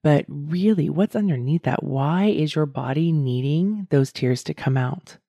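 Gravelly, mellow-voiced woman podcast host. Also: low-pitched, measured pace, dry recording. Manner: earnest, encouraging, speaks directly to listeners. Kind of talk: solo podcast monologue.

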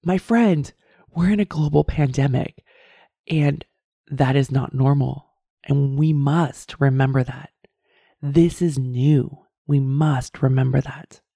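A woman hosts her own podcast and talks to the listener one to one, calling them her friend as she reflects. Her voice is mellow with a gravelly edge. The recording is close and dry, with little room sound. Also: a bass voice, fairly even intonation, slow pace, dry recording. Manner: warm direct address, calls listener "my friend". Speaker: podcast host. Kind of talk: reflective solo podcast talk.

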